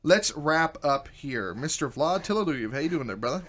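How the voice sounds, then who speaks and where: High-voiced, energetic, joking male host. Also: normal speed. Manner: energetic, joking, self-mocking; reads ads and phone numbers. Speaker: talk show host. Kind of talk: radio talk show hosting.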